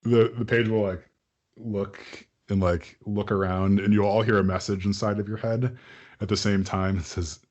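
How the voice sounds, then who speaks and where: A man's voice: lowish voice, fairly even intonation, normal speed, a little mellow. A man narrating a tabletop game as game master, hesitant, with many fillers and a lot of amusement.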